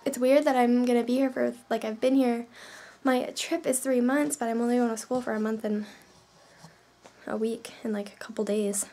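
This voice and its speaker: A woman's voice: a little high, flat delivery, moderate pace, warm tone. A woman from Canada, chatting casually in a vlog, rambling with lots of fillers. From Canada, New Brunswick. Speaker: vlogger.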